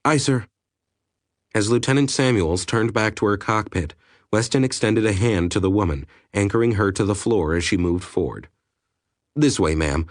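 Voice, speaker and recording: A man reading an audiobook aloud in a measured, even narration. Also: lowish voice, no room sound, studio quality. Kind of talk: scripted narration.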